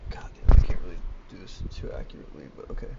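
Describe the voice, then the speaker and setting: Fast-talking and agitated, a young man goes on a rambling solo rant to his webcam, swearing a lot, stammering and restarting. The laptop webcam mic captures lo-fi sound over a noisy background.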